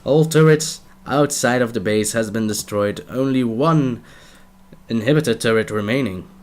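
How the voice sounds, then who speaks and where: Young male game caster, playful, jokey, mid pitch, trails off mid-sentence. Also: moderate pace, darkish tone, a little hiss or hum. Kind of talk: live esports play-by-play commentary.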